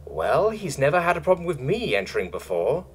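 A man's voice: on the high side, very animated, a little fast, soft background music, pitched above the performer's own voice. A man playing a sly, cooing catlike alien girl. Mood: irritated. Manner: teasing, cooing, irritated. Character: sly, stubborn young female cat-like alien.

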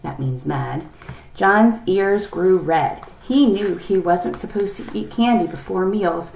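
A woman's voice: mid-range voice, slow, creaky, recorded from a distance. Woman reading a children's book aloud. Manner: expressive, lively character voices. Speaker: reader. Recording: echoey room, off-mic.

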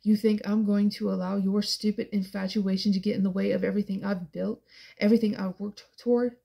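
A woman voicing a cruel, mocking older man who taunts his son with contempt, in a gravelly, husky voice. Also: medium pitch, flat delivery, fairly quick, mellow. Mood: menacing.

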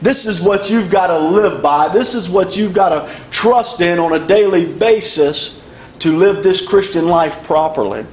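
A high-pitched male preacher with a drawl delivers a sermon in a hard, repeating cadence. His voice rings around an echoey church sanctuary. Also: measured pace. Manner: emphatic, repetitive preaching cadence. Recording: echoey room.

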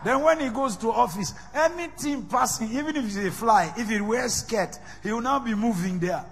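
A man with a Nigerian accent preaching a sermon, swinging between loud shouts and soft whispers. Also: extremely high pitch, moderate pace, slight background noise. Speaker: pastor. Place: large church hall. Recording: reverberant hall with faint music.

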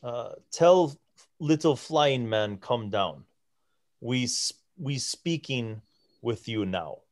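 Casting: huge male cloud giant, voiced by a man, slow halting broken speech, jovial. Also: medium pitch, lively intonation.

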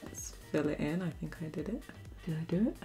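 A woman's voice: low voice, expressive, brisk. A young woman chatting casually while doing her makeup, giggling often and telling corny jokes. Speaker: beauty vlogger. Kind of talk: casual makeup challenge chat. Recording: soft music behind.

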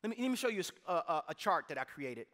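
A male pastor preaches with a bright, forceful edge and a conversational swing that climbs into shouts. His high voice rings through a church sanctuary. Long reverb trails each phrase. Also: big pitch swings, racing. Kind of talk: sermon.

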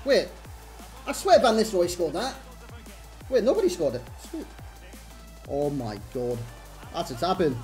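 A gaming YouTuber in his thirties gives brief live gameplay commentary, frustrated and sardonic, in exasperated, self-mocking running rants. His high voice swings widely in pitch at a measured pace, with long pauses and a darkish tone. Faint game music plays behind him.

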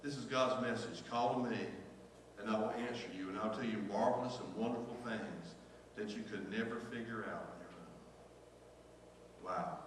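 Grieving pastor preaching in echoey church. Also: male voice, on the low side, moderate pace, slight background noise. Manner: emotional, repeats phrases, calls out to the congregation. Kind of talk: sermon. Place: church sanctuary. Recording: echoey church hall from far off.

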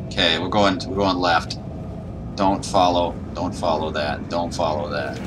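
A man's voice: low-pitched, flat delivery, unhurried, noisy background. A man giving nervous, panicky running commentary while playing a horror game. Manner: nervous, panicky self-talk. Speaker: gaming YouTuber.

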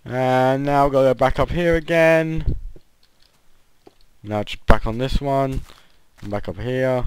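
A man's voice: medium pitch, moderate pace, a little mellow, smooth, dry recording. A man giving casual gameplay commentary, often groaning and yelping in frustration. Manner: frustrated, yelps and groans at failed jumps. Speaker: gaming channel host.

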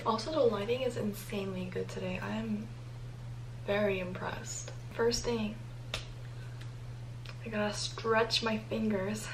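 A teenage girl talking to camera in a casual vlog, anxious and excitable, with many exclamations. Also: medium pitch, a little slow, pauses often, background noise. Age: teens. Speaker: vlogger. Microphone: compact camera mic.

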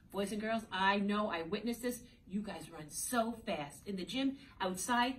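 Unhurried and with few pauses, a medium-pitched woman teacher reads a picture book aloud to young children, playful and sing-song, often turning to speak to them. The recording, from a distant mic, has faint ambience and slight background noise.

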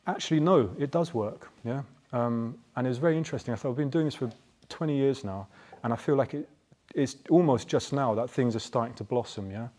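Brisk and a little mellow, his mid-range voice carries casual, rambling personal anecdotes. He's a Buddhist practitioner in his forties who frequently punctuates points with a questioning "yeah?".

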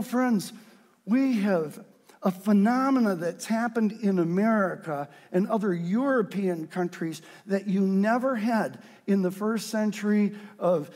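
High-voiced male pastor, earnest sermon rising to shouts, reverberant hall. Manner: swings from quiet earnest talk to fervent shouted scripture.

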